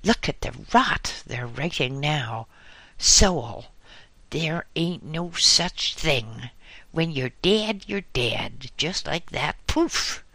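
A man voicing a loud, blustering, gossiping old working-class woman who yells and scolds. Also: deep voice, expressive, very slow, no echo, voice pushed up, heavily acted. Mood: loud indignant. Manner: roaring, yelling, exasperated.

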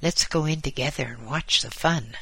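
A man's voice: a little high, normal speed, bright, forceful tone, breathy edge, dry recording, exaggerated voice. A man voicing a jaunty old male author spirit, breezy and jovial, in a storybook reading.

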